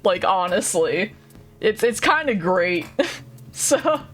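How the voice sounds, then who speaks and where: Brief: woman game streamer, casual and giggly, a little swear-happy, mid pitch. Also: sing-song, takes it slowly. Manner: chatty, laughs often, swears casually. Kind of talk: casual live-stream chat. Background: faint background music.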